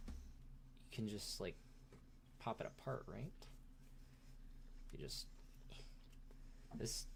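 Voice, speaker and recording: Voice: mid-range voice, vocal fry, a little hiss or hum. A livestream host chatting casually with chat while unboxing a toy, rambling and laughing often.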